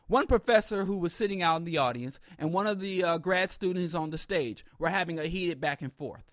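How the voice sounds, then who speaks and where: A man telling a humorous story in an animated, comic way with exaggerated asides. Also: sits high, a little fast, no echo, clean studio sound.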